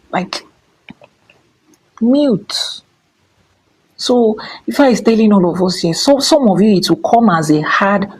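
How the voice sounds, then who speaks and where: A Nigerian woman, an Ifa priestess, giving a casual spiritual talk, dropping into hushed whispers and rising to high exclamations. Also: animated, unhurried, long pauses, poor audio.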